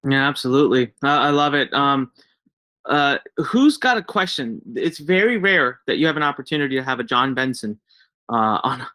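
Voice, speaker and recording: A man's voice: mid-range voice, animated, normal speed, bright, forceful tone, no echo. A man hosting a live webinar, upbeat, reading out audience questions. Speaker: webinar host.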